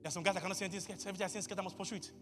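A pastor preaching a sermon, bursting into shouts and acting out conversations with God. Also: male voice, high voice, steady tone, rapid-fire, in a large hall, music in the background. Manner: acts out dialogues with God.

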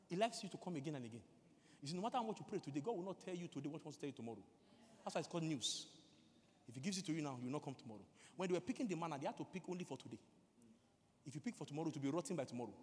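High-pitched man preaching, reverby hall, goes from hushed prayer to loud stammering bits. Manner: mimics stammering, prays in tongues. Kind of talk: sermon.

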